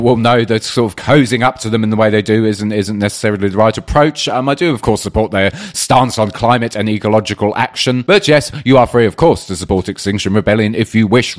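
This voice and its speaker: Chatty man hosting a show. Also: medium pitch. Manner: chatty and wry, with frequent ums and asides. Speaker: podcast host reading listener tweets. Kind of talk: casual solo commentary.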